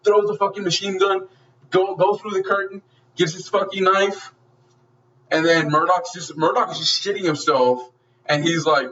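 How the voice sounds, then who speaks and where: A man casually retelling an action movie scene by scene, excited, swearing a lot and making gunfire sounds. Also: sits high, normal speed, recorded from a distance, lo-fi sound. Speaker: movie reviewer.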